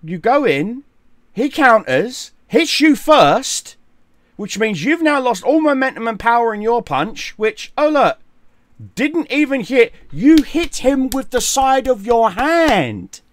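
A man giving mocking, profane commentary on a fight, scornful and animated. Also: very high voice, takes it slowly, dry recording, clean studio sound. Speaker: gaming and boxing commentator.

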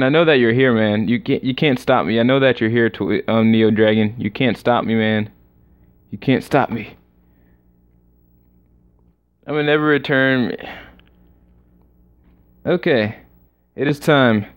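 A young man casually commenting on a game during a livestream, excitable and rambling as he reacts aloud. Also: medium pitch, smooth. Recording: slightly dull lo-fi recording.

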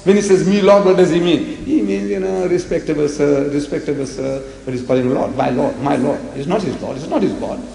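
Older male lecturer from South Africa, animated and given to acting out quotes, pitched a little high, recorded in a big echoing hall. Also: a little fast, vocal fry, few pauses. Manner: animated, quoting and acting out dialogue. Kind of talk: religious debate lecture. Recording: echoey hall with faint noise.

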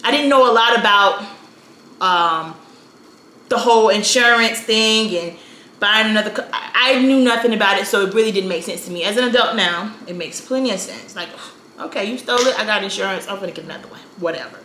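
Bright-voiced chatty woman telling a story. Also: medium pitch, a little fast. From South Florida. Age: 30s. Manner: chatty, animated, uses "you know" a lot. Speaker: storytime vlogger. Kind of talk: casual storytelling. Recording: echoey room with faint noise.

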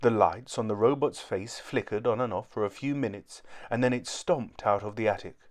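A man reading a children's book aloud in a clear, steady storytelling manner. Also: lowish voice, moderate pace.

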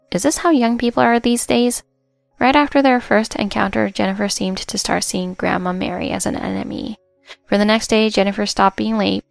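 A woman narrating a first-person workplace story in a steady, plain storytelling manner. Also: mid-range voice, gravelly, no echo.

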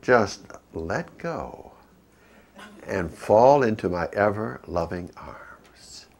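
A man voicing God as a quiet, calm voice from above, in a whisper. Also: lowish voice, drawn-out words, voice pushed down, exaggerated voice. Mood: soothing. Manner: hushed whisper.

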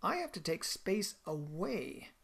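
A woman's voice: on the low side, sing-song, slow, vocal fry, fairly bright tone. A woman giving a recorded lecture in a conversational way, often asking the listener questions.

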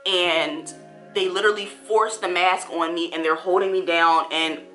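A young woman vlogger telling a painful personal story in a halting way, full of fillers and restarts, at times near tears. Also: lowish voice, fairly even intonation, a bit bright, soft background music. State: tearful, voice breaking.

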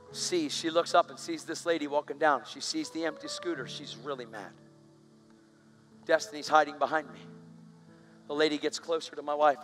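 A man's voice: on the high side, fairly bright tone. A man preaching, telling a story with strong feeling and rising into fervent prayer. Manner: emotional, builds to fervent prayer. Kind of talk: storytelling sermon.

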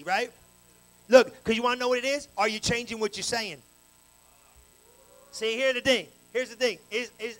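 Male pastor, very high voice, animated slangy sermon with call-and-response. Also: poor audio. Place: church sanctuary.

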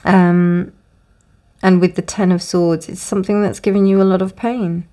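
A woman's voice: on the low side, little pitch movement, normal speed, dark tone. A woman giving a casual tarot reading, rambling with many restarts and fillers. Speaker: tarot reader. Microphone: close, dry room with windows closed.

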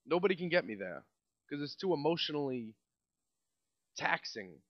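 A man's voice: fairly high pitch, big pitch swings, moderate pace, dry recording, muffled recording. A young man with a New York accent, hosting a casual solo podcast and ranting in a rambling, exasperated way with many restarts. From Staten Island, New York. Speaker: podcast host.

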